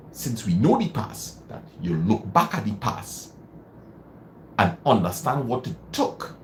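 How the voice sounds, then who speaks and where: A man's voice: on the low side, slight background noise. A man hosting a live stream, giving casual motivational advice, repeating phrases for emphasis and answering viewer comments. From Trinidad and Tobago.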